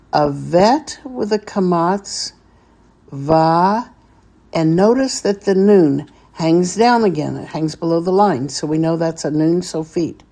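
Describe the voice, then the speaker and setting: A woman teaching a vocabulary lesson, deliberately spelling out each word and repeating it for practice. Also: fairly low pitch, mellow. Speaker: Hebrew teacher.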